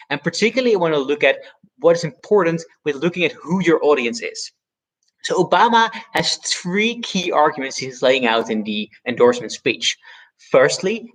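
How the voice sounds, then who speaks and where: A man with a somewhat raised voice teaches debate and public speaking. He breaks a speech down step by step in a clear, instructional manner and leans hard on the words that matter. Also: a little high, poor audio. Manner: explanatory, deliberately stresses key words. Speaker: debate educator. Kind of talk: instructional video analysis.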